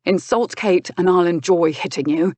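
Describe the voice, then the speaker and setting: A woman voicing a firm, steady uncle and guardian in an audiobook, measured and dryly mocking. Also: on the low side, dry recording, close to an everyday voice. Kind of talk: audiobook character voice.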